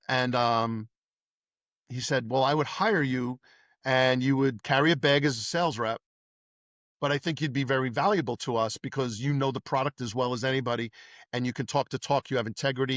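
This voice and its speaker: A middle-aged New man talks through his old police days in a casual interview, acting out the voices of people in his stories. His pitch sits in the middle of the range for a man. The recording is dry and close, with no room sound. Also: dry recording. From New York. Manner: animated anecdotes with acted-out dialogue. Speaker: podcast guest, former police detective.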